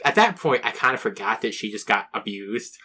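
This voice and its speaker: A man's voice: fairly low pitch, lively intonation, a little fast, bright, forceful tone. A young man co-hosting a podcast, telling a rambling story with lots of swearing and acted-out quotes. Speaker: podcast co-host. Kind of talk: casual chat.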